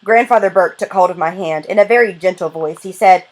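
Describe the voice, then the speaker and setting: A woman's voice: lowish voice, fairly quick. A woman narrating a children's novel in the first person, in an earnest, plain way. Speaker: audiobook narrator. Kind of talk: storybook narration.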